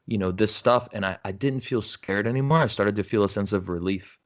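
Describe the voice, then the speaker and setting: A man with a fairly low voice talks fairly quickly as a podcast guest. He shares his story candidly and earnestly, restarting sentences and peppering them with "you know" and "right?"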